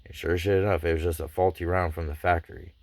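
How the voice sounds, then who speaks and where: Deep-voiced man telling a street story. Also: quick pace, no echo. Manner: profane, street slang, animated retelling of dialogue. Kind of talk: casual testimony storytelling.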